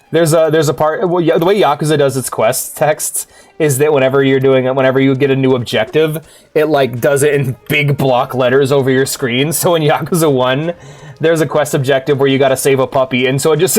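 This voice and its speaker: A young man giving casual, excitable gameplay commentary, swearing freely and laughing often. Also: mid-range voice, brisk, soft background music. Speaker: streamer.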